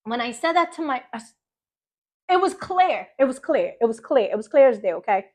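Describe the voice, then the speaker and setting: A woman's voice: on the high side, a little fast. A woman from Philadelphia telling her personal birth testimony, emphatic and repeating phrases for effect as she acts out conversations. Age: adult mother. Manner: lively storytelling, acts out conversations. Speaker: faith vlogger.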